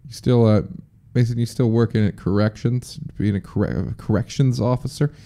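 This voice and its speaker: A man's voice: medium pitch, normal speed, dark tone. A young man hosting a podcast alone, rambling casually with profane jokes and chatty asides. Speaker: podcast host. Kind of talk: casual solo podcast chat.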